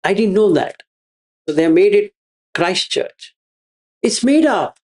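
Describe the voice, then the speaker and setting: A man's voice: sits high, expressive, takes it slowly, darkish tone. A man giving a Buddhist teaching, repeating his phrases and asking rhetorical questions. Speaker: meditation teacher.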